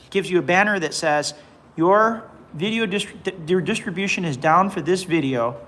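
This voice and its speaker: A man's voice: fairly high pitch, a bit bright, a little hiss or hum, poor audio. A man in his forties hosting a casual livestream, reading viewer comments aloud and rambling with frequent restarts and repeated words. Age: 40s. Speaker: livestream host.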